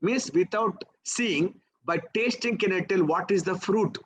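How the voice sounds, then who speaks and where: A man's voice: high-pitched, unhurried, breathy edge, low-quality recording. A man with an Indian English accent teaching memory techniques, asking the class rhetorical questions and checking in with "okay?" and "right?". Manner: coaxing, peppers talk with "okay?" and "right?". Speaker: memory trainer. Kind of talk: live teaching session.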